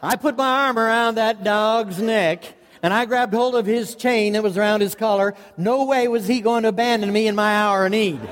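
A man tells a folksy tale to a live audience, lively and animated, chuckling through the funny parts. His voice is fairly high for a man. It rings out with a long reverb, as in a large hall. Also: moderate pace, few pauses, slight background noise. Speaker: storyteller.

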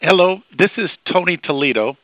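A man's voice: high-pitched, animated, fairly quick, no echo. A man on a video call politely asking how a beginner can start. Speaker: participant asking a question. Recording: dull, dry call audio.

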